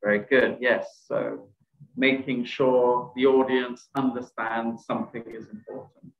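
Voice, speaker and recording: This man has a creaky, mid-range voice with a steady tone and measured pace. He teaches a presentation skills workshop on a video call, testing participants with questions and complimenting their answers, all through a video call mic that sounds echoey and dull.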